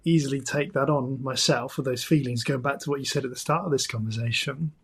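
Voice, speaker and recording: A man's voice: mid-range voice, a little fast, husky. A man co-hosting a podcast, sharing personal experiences candidly with a hesitant, searching way of talking. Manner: candid, hesitant, many fillers and restarts. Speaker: podcast co-host. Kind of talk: casual podcast conversation.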